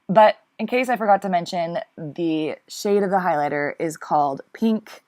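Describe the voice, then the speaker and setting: A woman's voice: fairly low pitch, moderate pace, darkish tone. A woman talking through a makeup tutorial in a chatty, flustered way, laughing often and apologizing along the way. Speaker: beauty vlogger.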